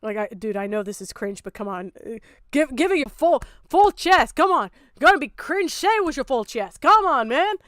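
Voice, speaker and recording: Young woman streamer, high voice, swears a lot, loud and fed up, dry close sound. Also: big pitch swings, normal speed, no room sound. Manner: blunt, profane and exasperated, often shouting in disbelief. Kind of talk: casual reaction commentary.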